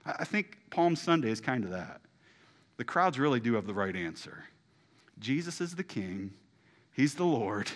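A man preaching a sermon in a conversational way, full of rhetorical questions and restarts, moving between loud bursts and soft, hushed passages. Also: mid-range voice, big pitch swings, moderate pace, long pauses. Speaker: pastor.

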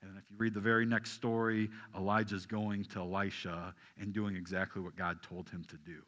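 A man preaching a sermon to a congregation, asking them questions and swinging from loud emphasis down to soft, hushed lines. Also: deep voice, fairly quick, big-room sound. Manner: animated, rising loud for emphasis then dropping soft. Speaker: pastor.

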